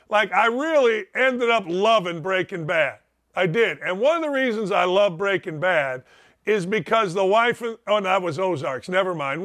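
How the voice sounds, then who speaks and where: A man hosting a show from his home, speaking in a high, bright register. His casual monologue is emphatic, full of repeated lines and asides to "ladies and gentlemen." The sound is dry and close, with no room echo. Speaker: show host.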